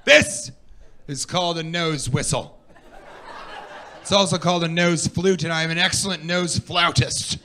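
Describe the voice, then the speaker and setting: A man performing a stand-up comedy set on a stage, animated and playful, riffing with the audience. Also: fairly high pitch, unhurried, pauses often, a little hiss or hum.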